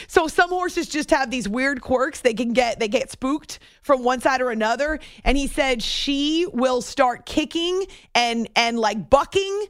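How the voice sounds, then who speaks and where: A woman radio host telling a story in a chatty, animated way, laughing easily. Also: high voice, dry recording, studio quality. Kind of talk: casual storytelling on a radio show.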